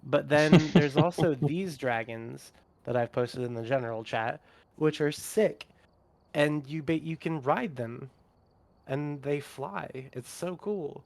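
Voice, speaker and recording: A man in casual gaming chat on a voice call, getting excited and talking fast about what he likes. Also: a little high, vocal fry. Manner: excitable, talks fast when hyped. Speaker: podcast co-host.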